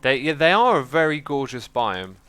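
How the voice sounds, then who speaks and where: A man hosting a casual livestream, calm and easygoing as he reads out chat and thanks viewers. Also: mid-range voice, moderate pace, smooth, soft background music. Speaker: livestream host reading chat.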